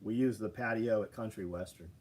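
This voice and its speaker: A man's voice: lowish voice, brisk, a little mellow, a little hiss or hum. Blunt, profane man ranting. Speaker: livestream host. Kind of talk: casual livestream chat reading viewer comments.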